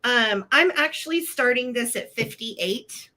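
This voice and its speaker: A woman co-hosting a live vintage sale stream, chatting casually with quick, upbeat asides. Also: a little high, animated, pushed and bright.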